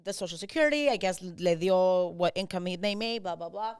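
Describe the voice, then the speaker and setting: A woman real estate agent hosting a casual podcast chat, mixing English with Spanish and acting out clients in quick quotes. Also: on the low side, smooth. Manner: switches between English and Spanish; animated, acts out buyers and agents in quotes.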